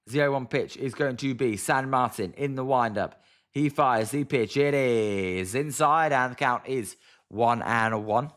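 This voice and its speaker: A man's voice: mid-range voice, unhurried, a bit bright. Exasperated British man calling a game. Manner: exasperated, chatty, reads viewer comments aloud. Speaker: live-stream sports commentator. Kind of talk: casual play-by-play watch-along.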